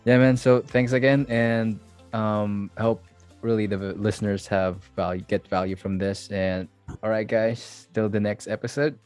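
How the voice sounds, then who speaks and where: Male host, friendly and relaxed, low monotone delivery with faint music under it. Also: moderate pace, clear, resonant tone. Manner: friendly, says "man" often. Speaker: podcast host. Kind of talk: casual podcast chat.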